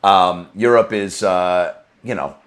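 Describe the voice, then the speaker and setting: A man's voice: low voice, slow. A male comedian hosting a podcast, riffing in a loose, profane, rambling monologue from a comedy club green room.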